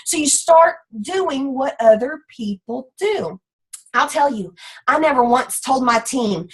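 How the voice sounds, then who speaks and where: A woman leading a motivational team call, energetic and folksy, slipping into playful voices for quotes. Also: high voice, measured pace, slightly rough, poor audio. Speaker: team leader.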